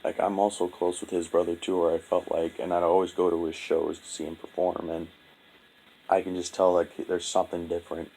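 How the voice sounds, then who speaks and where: A young man telling a painful personal story in a halting, profane, heavy-hearted monologue. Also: sits low, little pitch movement, mellow, rough recording. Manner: halting, profane, full of restarts and fillers. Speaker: vlogger.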